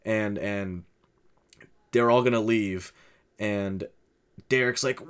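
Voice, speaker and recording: A podcast co-host in casual conversation about a movie. The voice sits at an ordinary middle pitch, and the talk comes out halting, with frequent restarts while retelling scenes. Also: clear, resonant tone.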